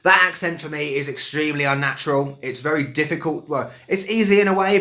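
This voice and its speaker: Bright-voiced West London man teaching. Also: fairly high pitch, fairly quick, few pauses. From England. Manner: chatty and animated, jokey asides. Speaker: English teacher. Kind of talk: video lesson on accents.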